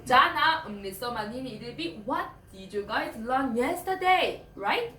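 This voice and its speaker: Slowly and patiently repeating words for her students, this Swahili teacher runs a language lesson in a lively, fairly high voice. The echoey room makes her sound somewhat far away, and there is faint noise behind her.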